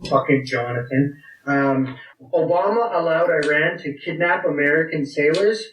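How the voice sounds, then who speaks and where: A man's voice: fairly high pitch, normal speed, fairly bright tone. A man hosting a casual podcast game, blunt and profane, reading quotes aloud to the players. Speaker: podcast host running a quiz game. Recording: roomy, distant mic, faint noise.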